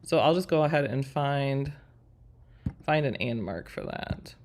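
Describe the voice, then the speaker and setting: A woman's voice: extremely low pitch, animated, a little slow, a little mellow, slight background noise. A woman in her forties hosting a live craft design stream, chatting with viewers as friends while she works through a tutorial. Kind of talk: live screen-share tutorial with viewer chat.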